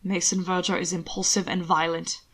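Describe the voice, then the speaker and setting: A woman doing a deep-voiced, fiercely protective man. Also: flat delivery, moderate pace, breathy edge. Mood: shaken. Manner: commanding shouts, then hushed trembling fear. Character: fierce, protective older male lover.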